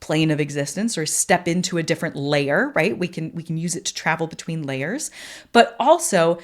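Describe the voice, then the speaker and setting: A woman's voice: animated, normal speed. Chatty young woman telling a dream. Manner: chatty, rambling, many restarts and "right?" tags; acts out quoted lines in a high bubbly voice. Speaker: podcast host. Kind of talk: storytelling monologue.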